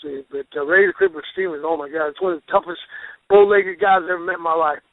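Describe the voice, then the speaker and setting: High-voiced man telling stories over a phone. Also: fast talker, creaky, no echo. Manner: rambling, animated storyteller with restarts and folksy exclamations. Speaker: guest, professional wrestler. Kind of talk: storytelling interview. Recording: phone line, dry.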